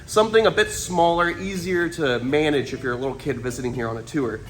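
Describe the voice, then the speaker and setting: An enthusiastic man hosting an animal vlog, breaking into high excited exclamations. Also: a little fast, roomy sound, faint music behind. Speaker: reptile keeper and show host.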